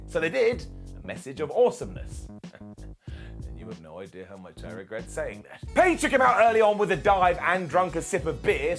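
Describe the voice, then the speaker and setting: A man gives a playful, self-mocking review that swings between loud bursts and quiet asides. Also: on the high side. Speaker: wrestling show reviewer. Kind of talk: comedic scripted review.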